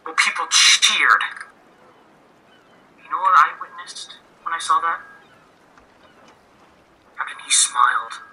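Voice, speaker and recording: A man's voice: a little high, slow, pauses often, bright, forceful tone, breathy edge, full character voice. A man playing an earnest grieving crewmate. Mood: earnest, consoling. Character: earnest man consoling his captain over his dead brother. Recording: phone-like lo-fi line.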